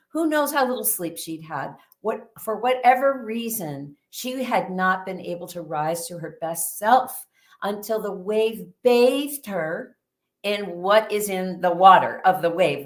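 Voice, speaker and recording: An interview guest, a woman who is a little under the weather, tells a story with lively energy. Her voice sits at an ordinary middle pitch. She paints scenes vividly as she talks.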